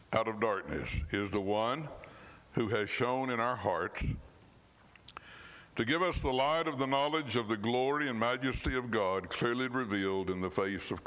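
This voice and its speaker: Man preaching, slow and emphatic. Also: mid-range voice. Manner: slow, emphatic scripture reading with sudden soft drops. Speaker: pastor. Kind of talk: sermon. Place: church.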